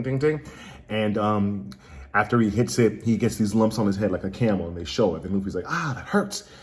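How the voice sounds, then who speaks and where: A man hosting his own channel, excitedly recapping manga spoilers in a slangy, casual way full of jokey asides. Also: on the low side. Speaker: anime channel host.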